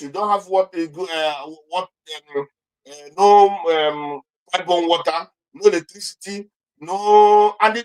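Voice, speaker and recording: A middle-aged man with a Nigerian accent, an interview guest giving indignant political commentary full of rhetorical questions, often repeating and restarting words. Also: high voice.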